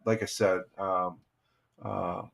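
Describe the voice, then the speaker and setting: An older man from upstate New York hosting a live stream, casually chatting and reading viewer comments in a rambling, halting way. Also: low voice, little pitch movement, vocal fry.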